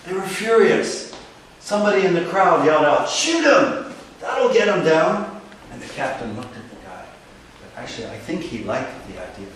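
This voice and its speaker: A man telling a story on stage in a dramatic, animated way, with pauses for effect, heard from a distant mic in a large echoey hall. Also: a little high, a little hiss or hum.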